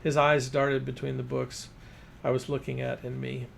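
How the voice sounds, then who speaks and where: A man's voice: medium pitch, flat delivery, moderate pace, vocal fry, slight background noise. A man reading his first-person fiction aloud as narrator.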